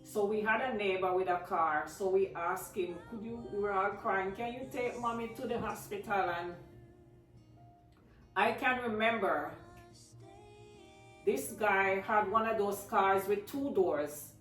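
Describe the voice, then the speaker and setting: A woman's voice: mid-range voice, a little slow, a bit bright. Woman telling a story in an echoey room. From Jamaica. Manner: emotional, addresses viewers as guys. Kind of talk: casual storytime vlog. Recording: echoey room, mic at a distance, faint music.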